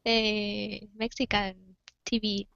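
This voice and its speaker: A woman's voice: medium pitch, little pitch movement, slow pace, gravelly, a bit bright, lo-fi sound. A woman whose first language is Spanish, practicing English in a casual lesson with short replies. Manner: short replies, light laughs. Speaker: English learner.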